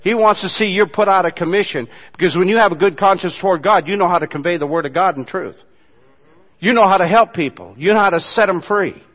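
A man preaching a sermon as pastor, dropping to quiet asides and rising to loud, emphatic passages. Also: high voice, fast, big-room sound, dull audio.

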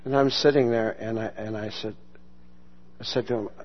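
A man's voice: fairly low pitch, fairly even intonation, moderate pace. A male pastor telling a personal testimony in a sermon, acting out the voices he quotes and laughing often. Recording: muffled lo-fi sermon recording.

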